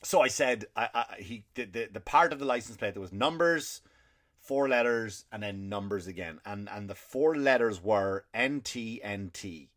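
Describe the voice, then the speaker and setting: A man's voice: fairly low pitch, expressive, moderate pace, fairly bright tone. A male comedian hosting his podcast, telling a rambling, profane story with indignant asides.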